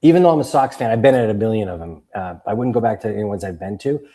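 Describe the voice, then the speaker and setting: A man's voice: on the low side, fast, breathy edge. A man in his fifties from Boston, a guest author and coach telling stories in a casual interview and acting out the voices of people he quotes. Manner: animated storyteller who acts out quoted voices.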